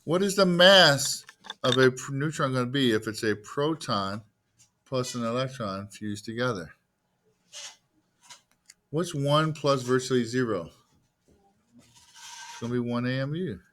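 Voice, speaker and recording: Here the teacher's mid-range voice is expressive and a bit bright, and he takes his time, pausing often. He lectures in a casual, chatty way, posing questions to students, supplying the answers himself, and adding playful remarks.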